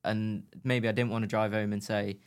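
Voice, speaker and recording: A young man who is a motorbike racer, telling animated stories in a casual podcast chat and laughing at himself. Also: fairly low pitch, normal speed, smooth. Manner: animated anecdotes, laughs at himself, acts out his own thoughts.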